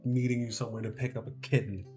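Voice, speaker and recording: A man's voice: mid-range voice, little pitch movement, fast, warm tone, faint music behind. A man in casual chat who rambles, repeats himself and laughs often. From Chicago area.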